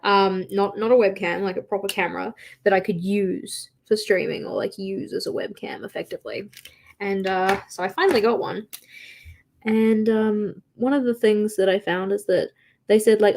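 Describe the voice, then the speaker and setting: A woman's voice: mid-range voice, moderate pace, a little mellow. Chatty woman livestreaming at her desk. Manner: chatty, counts swatches aloud in a sing-song. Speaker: stationery livestreamer. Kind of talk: casual livestream chat. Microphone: camera mic at a desk.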